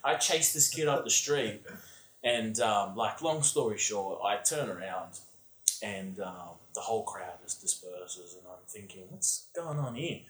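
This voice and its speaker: An Australian man telling a story casually, animated, with lots of "like" fillers and acted-out quotes. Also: lowish voice, measured pace, reverberant. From Sydney, Australia.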